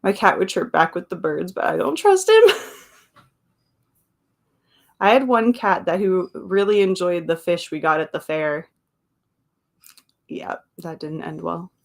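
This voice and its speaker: A woman's voice: fairly low pitch, fairly even intonation, unhurried, creaky. Chatty woman hosting a live stream. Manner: chatty, laughs often, trails off into asides. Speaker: livestream host. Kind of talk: casual chat reading viewer comments aloud.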